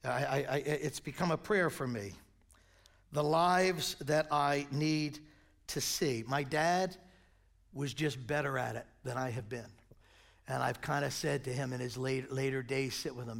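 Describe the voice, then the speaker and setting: A man in his sixties, a pastor, preaching a sermon and telling a lively story. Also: medium pitch, measured pace, gravelly. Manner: animated storyteller, acts out voices in anecdotes.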